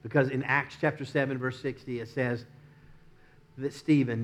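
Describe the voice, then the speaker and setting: An American man preaching a sermon as a pastor, swinging from loud exhortation to near-whispers. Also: mid-range voice, fairly even intonation, normal speed, faint music behind.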